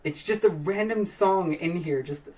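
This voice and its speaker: A woman's voice: fairly low pitch, measured pace, mellow, recorded from a distance. A woman hosting a casual live stream, chatting and answering questions from chat in a rambling, enthusiastic way, with frequent sighs and restarts.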